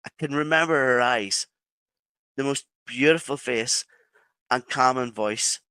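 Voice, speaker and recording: A man with an Irish accent, a podcast guest telling a personal story in halting phrases with many restarts. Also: medium pitch, sharp tone, clear, resonant tone, no room sound. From Ireland.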